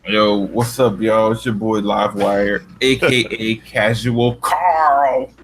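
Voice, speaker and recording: A man co-hosting a casual gaming podcast with a lower voice. He talks easygoing and rambling. Faint noise sits behind him. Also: steady tone, slow. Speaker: podcast co-host.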